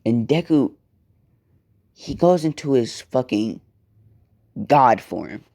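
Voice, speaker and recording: A man's voice: medium pitch, lively intonation, slow, warm tone. A young man casually telling a fan-made story, rambling with slang, profanity and side comments.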